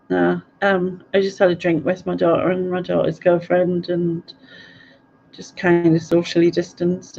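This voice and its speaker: A middle-aged woman with a fairly low, warm voice and vocal fry chats casually during a live stream, replying to viewer comments while giggling a lot and getting place names wrong. The audio is dull and lo-fi, with a bit of hiss or hum.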